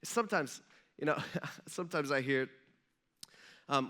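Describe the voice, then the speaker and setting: A male pastor preaching a sermon in a conversational, energetic way, often asking the audience questions. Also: on the high side, measured pace, long pauses.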